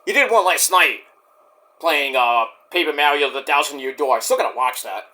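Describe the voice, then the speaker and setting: A man's voice: on the high side, moderate pace. A man casually reviewing a wrestling show as he watches, swearing and acting out the wrestlers' lines. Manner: excitable, swears, mimics wrestlers' promos. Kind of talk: casual live-watch commentary.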